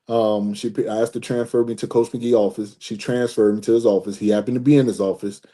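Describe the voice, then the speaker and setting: A man in his forties, a former football player, telling a long story in a relaxed interview, restarting sentences often. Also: on the low side, fast. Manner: animated storyteller, acts out dialogue, restarts often.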